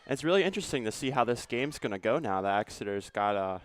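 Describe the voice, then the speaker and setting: A young man giving color commentary on a student soccer broadcast, speaking in an unhurried way with frequent fillers. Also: medium pitch, lively intonation. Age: young adult.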